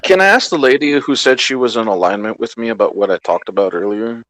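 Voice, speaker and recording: A man's voice: medium pitch, animated, quick pace, fairly bright tone, no room sound, poor audio. A man ranting bluntly and profanely in a heated casual panel talk.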